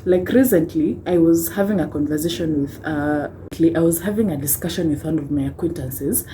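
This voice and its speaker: A woman's voice: low voice, moderate pace, warm tone, slight background noise, poor audio. A young Kenyan woman with a Kenyan accent ranting on a vlog, impassioned and rhetorical, tagging points with "hmm?" and wry laughs. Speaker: vlogger.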